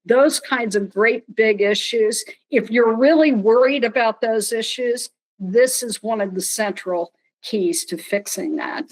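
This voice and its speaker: Slow, deliberate woman with dry humor. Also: fairly high pitch, low-quality recording. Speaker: panelist from a nonprofit. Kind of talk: online panel discussion. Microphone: video call.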